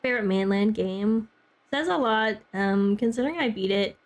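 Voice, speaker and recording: Medium in pitch and moderate in pace, this young woman talks casually with her chat while streaming a game. She leans heavily on "like" and drops in frequent little laughs.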